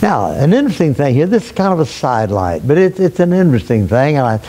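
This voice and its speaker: A man preaching a sermon, retelling a story in an unhurried, folksy way with frequent restarts and repeated words. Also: fairly high pitch, sing-song, mellow.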